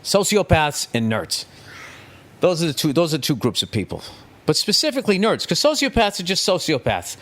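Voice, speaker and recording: A man ranting on his podcast in a profane, sarcastic comedic monologue. His voice sits a little higher than most men's, and he swears freely as he talks. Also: wildly swooping pitch, normal speed, a bit bright. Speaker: podcast host.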